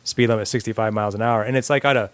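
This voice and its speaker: A man co-hosting a podcast, telling a story in relaxed casual chat with lots of fillers and restarts. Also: on the low side, racing, no echo. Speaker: podcast co-host.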